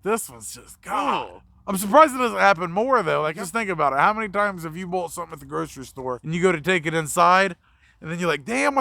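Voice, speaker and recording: A man's voice: a little high, creaky, sharp tone, dry recording. A young man, a mobile mechanic, telling a blunt, profane story in a casual vlog.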